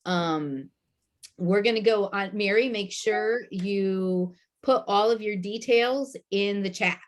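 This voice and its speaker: A woman's voice: medium pitch, slow pace. A woman hosting a video call panel, enthusiastic and full of praise for her guests. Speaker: host.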